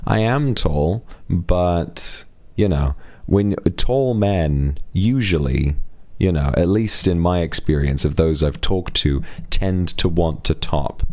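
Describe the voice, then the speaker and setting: During a casual live stream, a young man with a low-pitched, darkish voice thanks donors and jokes frankly and playfully with viewers. There's no room sound.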